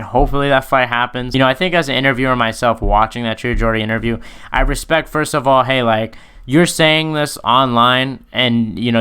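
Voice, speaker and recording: A man hosting his own video and giving his opinions in an easy, rambling way. His voice is bright and smooth, and he talks at a quick clip. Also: mid-range voice. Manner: rambling, conversational, full of "you know" and "like". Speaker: commentator and video host. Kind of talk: casual opinion commentary.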